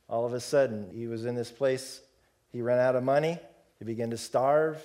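A man preaching a sermon in a relaxed, storytelling way, acting out the characters. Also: mid-range voice.

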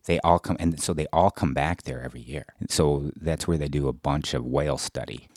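A middle-aged man, chatting casually as a podcast co-host and telling blunt, profane stories with loud acted-out quotes. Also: extremely low pitch, steady tone, a little fast, no room sound, studio quality. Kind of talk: casual chat.

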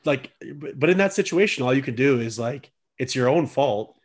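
A man's voice: medium pitch, lively intonation, moderate pace. A man co-hosting a podcast, joking and swearing freely in casual chat. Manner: joking, swears often, laughs a lot. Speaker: podcast co-host.

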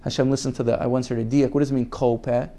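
A man teaching a Torah class, his pitch sitting in an ordinary middle range. He speaks earnestly and doubles up words for emphasis. He reads Hebrew quotes aloud and then translates them. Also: level tone, fast, mellow.

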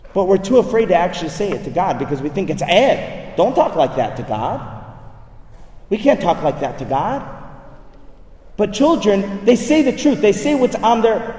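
A man preaching a sermon in a lively, conversational way, often checking in with his listeners. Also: high-pitched. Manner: animated, conversational, asks listeners "right?". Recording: echoey hall, speaker far from mic.

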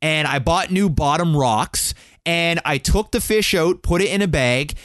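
Animated, foul-mouthed man telling a story. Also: on the high side, a little slow, no room sound, clean studio sound. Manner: animated storyteller, swears freely, voice jumps up when excited. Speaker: podcast co-host. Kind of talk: casual chat.

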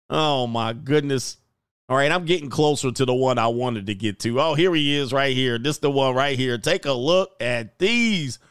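A man with a rough, gravelly voice riffs through casual reaction commentary, slangy and full of loud exclamations. His pitch leaps and dips constantly as he talks. He sounds close and dry, with no room around him. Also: dry recording. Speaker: YouTube commentator.

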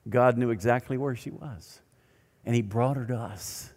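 An older man preaching a sermon as pastor, animated and then dropping to quiet emphasis. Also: medium pitch, normal speed. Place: church sanctuary. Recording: long reverb of a large hall.

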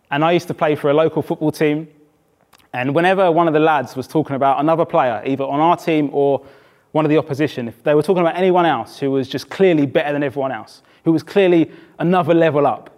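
Emphatic conversational English preacher. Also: male voice, on the high side, a little mellow. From England. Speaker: pastor. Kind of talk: sermon.

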